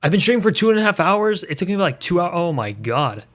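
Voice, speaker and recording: A man's voice: sits high, sing-song, quick pace, a bit bright. A man live-streaming a video game, chatting casually and ranting with a lot of swearing. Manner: profane, ranting, riffing on the game.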